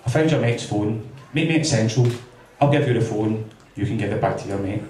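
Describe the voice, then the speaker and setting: A man's voice: on the low side, fairly quick, a little mellow, slight background noise. A Scottish man doing a stand-up routine, chatty and checking in with the crowd. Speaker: stand-up comedian. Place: comedy club stage. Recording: roomy club sound from far off.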